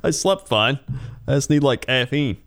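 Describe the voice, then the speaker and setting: A man's voice: mid-range voice, moderate pace, a bit bright. A tired man co-hosting a casual podcast, rambling in a laid-back way with many fillers. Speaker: podcast co-host.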